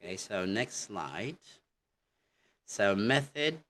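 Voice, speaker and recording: Male teacher, very low voice, unhurried delivery, constant "okay" check-ins. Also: sing-song, pushed and bright, slight background noise. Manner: slow, repetitive, says "okay" constantly while demonstrating words. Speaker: English teacher. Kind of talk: online pronunciation lesson.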